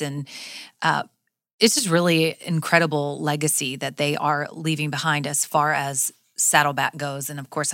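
Low-voiced woman co-hosting a news chat. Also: fairly bright tone, no room sound, studio quality. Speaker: co-host.

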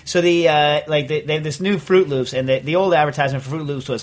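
A middle-aged man from Vermont hosting a casual podcast chat, rambling and ranting with animated energy. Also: on the high side, fairly quick, few pauses. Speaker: podcast host.

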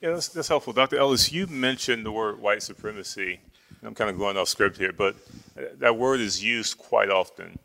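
Man, interviewer, direct questions, bright tone, slightly low pitch, long hall reverb. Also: moderate pace, creaky.

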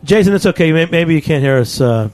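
A man's voice: fairly high pitch, expressive, fast talker, darkish tone. Rambling, eager man hosting a radio show. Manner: enthusiastic, rambling. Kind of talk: casual radio chat.

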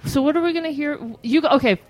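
A woman's voice: high voice, fast, rough recording. Playful female co-host from Rochester. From Rochester, New York. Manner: playful, teasing, laughs easily. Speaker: radio show co-host. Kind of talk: casual studio chat.

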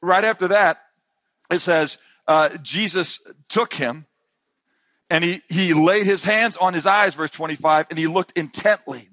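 Casting: male pastor with a high, bright voice, dry close sound, lively sermon delivery. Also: a little slow, dry recording. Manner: animated preaching, voices Jesus and disciples in quotes, drops to hushed emphasis. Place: conference hall.

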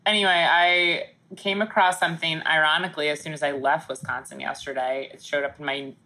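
A woman co-hosting a podcast, her voice pitched slightly low but bright and forceful. She jokes constantly and laughs often in loose, casual conversation. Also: flat delivery, brisk. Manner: jokey, laughs often, mock newscaster reading. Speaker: podcast co-host. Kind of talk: casual comedic chat.

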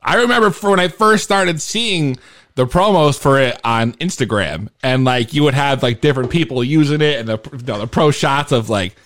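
A man hosting a casual podcast interview, excitable and loose, laughing often and swearing freely. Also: medium pitch, moderate pace. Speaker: podcast host.

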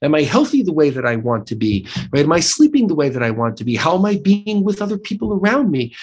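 A man's voice: on the high side, slightly rough. An American man speaking as a guest in an interview, explaining his book and clinic while often restarting and checking in with "right?". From United States. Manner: animated, thinks aloud with repeated restarts and tag "right?". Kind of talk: conversational interview.

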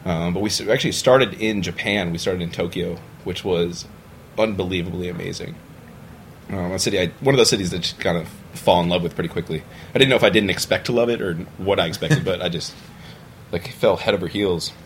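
A young adult man on a podcast, telling stories in a casual, animated way and acting out other people's lines. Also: sits low, fairly quick, a little hiss or hum. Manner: animated storyteller, acts out quoted voices. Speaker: bar owner, podcast guest. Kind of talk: casual storytelling chat. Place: podcast studio.

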